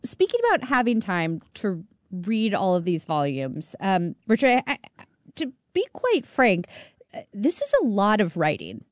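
A woman interviewing a guest, building long questions in a measured way. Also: medium pitch, sing-song, dry recording, clean studio sound.

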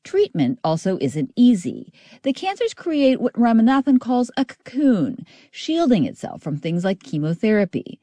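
Woman reading a lively news report. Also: on the high side, moderate pace, no room sound. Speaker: radio news correspondent.

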